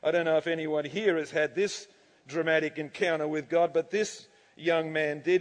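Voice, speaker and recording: A male pastor preaching an animated sermon to his congregation, acting out people's reactions and laughing often. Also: on the high side, moderate pace. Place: church hall. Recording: church hall reverb.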